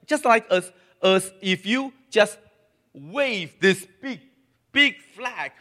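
Male preacher, high voice, animated sermon delivery, acts out voices, long hall reverb. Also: slow. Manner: animated, acts out quoted voices, non-native grammar.

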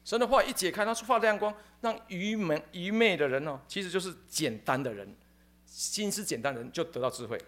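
A man preaching a sermon in short phrases, animated and emphatic, often repeating his words. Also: high voice, brisk. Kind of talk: sermon with live interpretation.

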